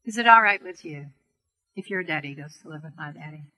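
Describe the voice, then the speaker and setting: A middle-aged woman teaches on healing prayer through a gentle, earnest story. Her voice is bright and a little breathy, and she softens it for the quoted lines. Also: deep voice, brisk, poor audio. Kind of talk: storytelling talk to a seminar audience.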